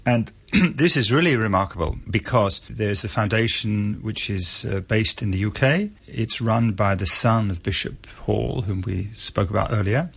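Low gravelly guy in a radio interview, kinda husky, lots of uhs. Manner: measured, with many pauses and uh fillers. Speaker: author interviewed about a historical figure.

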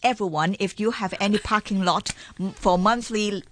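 A woman's voice: mid-range voice, a bit bright. Woman chatting casually. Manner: halting, many fillers, joking. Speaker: co-host. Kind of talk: casual chat.

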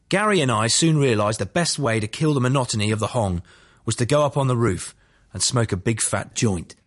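A man narrating his memoir as an audiobook, telling it in a matter-of-fact, dry way. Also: medium pitch.

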